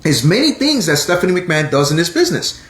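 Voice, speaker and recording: A man hosting a casual live-stream chat, animated and quick to talk over his co-host. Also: fairly high pitch, echoey room. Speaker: podcast host.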